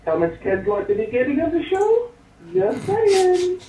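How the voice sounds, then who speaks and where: A man's voice: very high-pitched, big pitch swings, normal speed, dark tone, a little hiss or hum. A man leaving a chatty, rambling voice message full of fillers and restarts. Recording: tinny phone message played over a speaker, distant and echoey.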